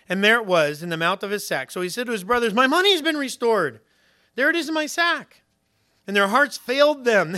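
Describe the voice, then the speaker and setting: A man preaching a sermon, retelling scripture with lively storytelling and acted-out voices. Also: high-pitched.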